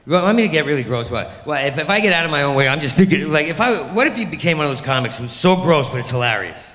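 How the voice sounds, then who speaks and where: A man in his fifties doing a rambling, self-deprecating stand-up comedy set, now and then jumping into loud mock voices. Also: a little high, animated, fast talker. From New York. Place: comedy club stage. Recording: echoey club room with long reverb.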